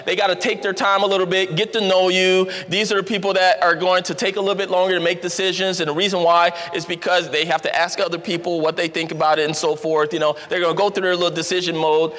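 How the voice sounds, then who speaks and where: A man with a high, bright voice works the room with an energetic, joking motivational seminar talk. He repeats key phrases for emphasis. His voice rings out with the long reverb of a large event hall. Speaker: seminar speaker.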